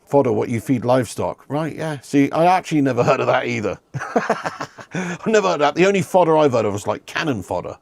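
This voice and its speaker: Gravelly, lively male stream host. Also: mid-range voice, fast, no room sound. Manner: banters with chat, swears, laughs often. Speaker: football watch-along host. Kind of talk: casual live-stream chat.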